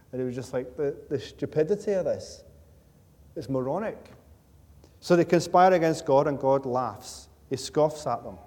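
Preacher in a reverberant church. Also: male voice, medium pitch, a little mellow. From Scotland. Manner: conversational, jokey storytelling with emphatic repetition. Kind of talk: sermon. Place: church sanctuary. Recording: church hall with long reverb.

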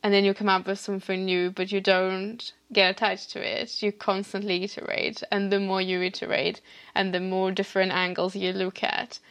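A woman from Moscow, Russia, speaking as a podcast guest. She explains things clearly and informatively. Her voice has a gravelly, creaky texture. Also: medium pitch, monotone, normal speed, a bit bright. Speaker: guest, space event organiser. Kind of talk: interview answers.

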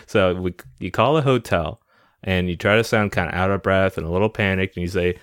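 Male podcast co-host, low voice, dead-dry recording, chatty and laughing. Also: normal speed, no room sound. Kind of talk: casual chat.

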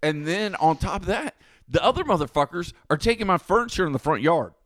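A man's voice: high voice, fairly quick, no echo. A young man telling a rowdy party story in casual chat, swearing freely and acting out what people said. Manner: profane, animated storyteller acting out quotes.

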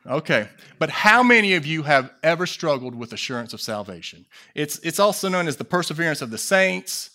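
Preacher man swinging hushed to emphatic. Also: big pitch swings, fairly quick, hardly any pauses. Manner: swings from hushed low phrases to loud emphatic peaks; asks the congregation questions and jokes with them. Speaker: pastor. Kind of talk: sermon.

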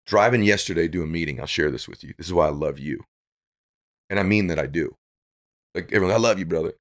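A man's voice: sits low, fast talker, pauses often. A middle-aged man speaking as a podcast guest, giving earnest, preachy motivational talk that builds to emphatic peaks.

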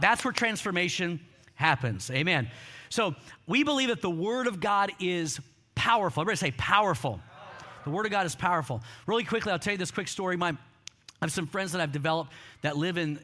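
Male pastor, high bright voice, lively sermon storytelling, call-and-response with the congregation. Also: fairly quick.

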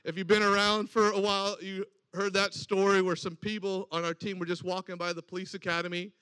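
A man's voice: high voice, level tone, brisk, pushed and bright, smooth, no room sound. A man preaching a sermon, telling a personal story and acting out the voices in it. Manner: storytelling with acted-out quoted dialogue.

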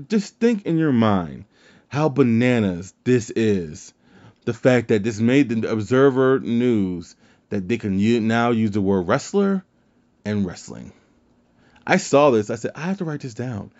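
A man's voice: fairly low pitch, dark tone. A man hosting a wrestling podcast in casual chat, rambling and swearing freely. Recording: dull lo-fi sound.

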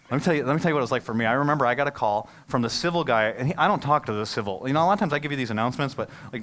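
A pastor preaching a sermon to his congregation, telling stories and joking, then swelling from quiet asides to loud, emphatic peaks. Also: medium pitch. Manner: jokes with the congregation. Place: church service held in a movie theater.

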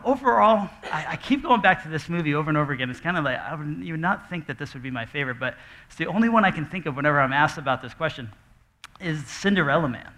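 A male pastor giving casual church announcements and a live Q&A, nervous, halting, with many fillers and light jokes. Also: on the high side, bright, forceful tone. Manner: halting, full of fillers and restarts, joking. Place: church auditorium with audience.

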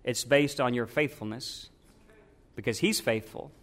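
A man's voice: mid-range voice, unhurried, a bit bright. A man, a pastor, preaching a sermon and asking his congregation questions.

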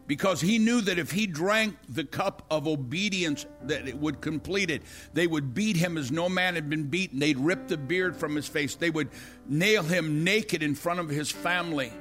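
High-voiced impassioned older preacher man. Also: normal speed, fairly bright tone, soft background music. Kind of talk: sermon.

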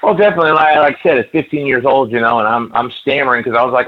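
A man in his fifties rambles through anecdotes with frequent stammers in a relaxed interview chat. His voice sits at an ordinary middle pitch. The recording is dull and lo-fi. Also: very fast. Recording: dull lo-fi audio.

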